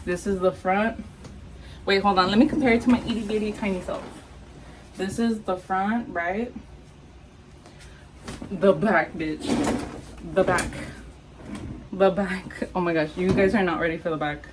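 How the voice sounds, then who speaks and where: Young Texan woman, casual unboxing vlogger, excitable and foul-mouthed, faint background noise. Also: mid-range voice, measured pace, long pauses. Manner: hyper, excitable, swears a lot, squeals. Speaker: vlogger unboxing masks and merch.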